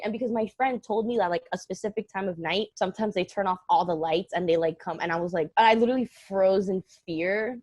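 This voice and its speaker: A young woman tells a story in a relaxed podcast chat. She is animated and self-mocking, laughing between quick asides. Her voice sits at a middle pitch and sounds close and dry, with no room echo. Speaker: podcast co-host telling a story.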